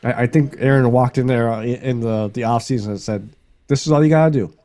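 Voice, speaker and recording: A man's voice: medium pitch, steady tone, fairly quick, warm tone. A man co-hosting a live sports show, laid-back and mostly giving brief agreeing replies. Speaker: sports podcast co-host. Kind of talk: casual live draft chat.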